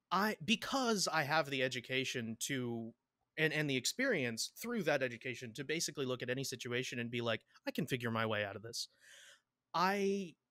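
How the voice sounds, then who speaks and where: Bright-voiced rambling man, podcast guest. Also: on the high side, dry recording, clean studio sound. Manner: rambling, repeats words, laughs often. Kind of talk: casual interview chat.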